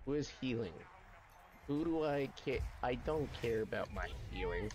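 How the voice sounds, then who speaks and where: A man giving casual, excitable gameplay commentary, swearing and making sound effects as he plays. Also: mid-range voice, moderate pace, a little hiss or hum.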